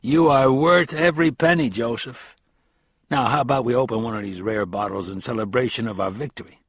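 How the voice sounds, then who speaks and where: A man's voice: medium pitch, a little fast, husky, dry recording, clean studio sound. A man voicing a smug, wealthy American man with a slight New York accent, speaking in a pointed, edged way.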